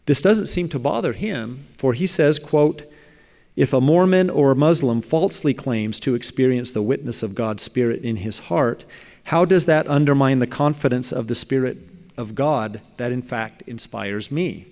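Guy reading out a prepared talk, measured and thoughtful, middle pitch, lots of hall echo. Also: lively intonation, darkish tone. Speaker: speaker presenting a paper. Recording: long hall reverb.

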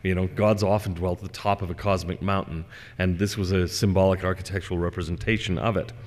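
A man's voice: low voice, fairly even intonation, fast talker. A man giving a religious lecture to an audience in a hall, reading scripture and chatting through digressions with fillers. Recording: long hall reverb.

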